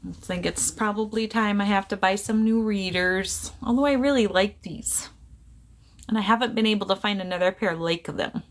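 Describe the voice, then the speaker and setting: A woman's voice: mid-range voice, normal speed. A middle-aged woman talks into her phone on a casual live stream, greeting viewers one by one and rambling about small things. Her delivery is loose, chatty and playfully silly.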